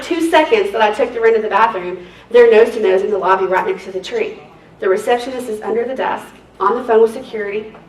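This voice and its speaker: A woman leads a seminar, chatting and laughing her way through stories from her work. Her voice sits a little high and carries a roomy echo. She sounds picked up from some distance, with faint noise behind. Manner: chatty, laughing, lively storyteller. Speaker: seminar instructor, court reporter. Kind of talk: casual storytelling lesson.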